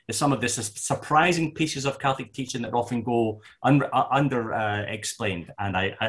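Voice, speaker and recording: An older man with a Scottish accent giving an enthusiastic, halting lecture to a parish group as a guest speaker. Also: mid-range voice, a bit bright. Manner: enthusiastic, halting with fillers and restarts.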